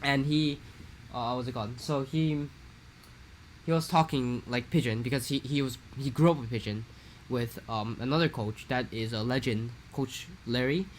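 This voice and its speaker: A young man from Hawaii, telling a rambling, animated story in a casual podcast chat. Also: medium pitch, normal speed, slight background noise. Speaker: podcast co-host.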